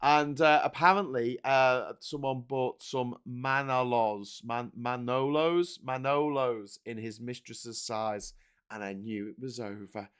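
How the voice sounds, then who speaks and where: A man's voice: mid-range voice, fairly even intonation, slow pace, a bit bright, clean tone. A man hosting a casual livestream, talking through the morning papers in a sarcastic, rambling way and laughing easily. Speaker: host.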